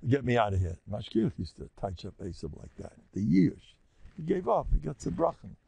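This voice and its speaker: Background noise accompanies this older American rabbi, whose creaky, mid-range voice moves fairly quickly. Giving an animated Torah lecture, he dramatizes inner voices and mixes Hebrew and Yiddish terms into his speech.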